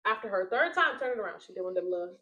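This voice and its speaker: Young woman host, casual storyteller, animated with quotes, mid-pitched voice. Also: racing, highs cut off. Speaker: podcast host.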